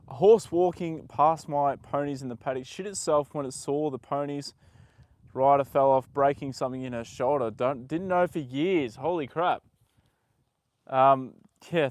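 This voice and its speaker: A man's voice: a little high, measured pace, pauses often, no echo. Give me a young man chatting casually on a livestream from a horse paddock, rambling, swearing lightly and talking to his horse between stories. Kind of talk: casual live chat.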